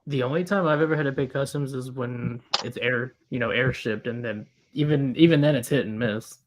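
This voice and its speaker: A man's voice: mid-range voice, fairly quick, background noise. A man co-hosting a collectors live stream, talking in a laid-back way with many fillers. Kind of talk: casual livestream chat.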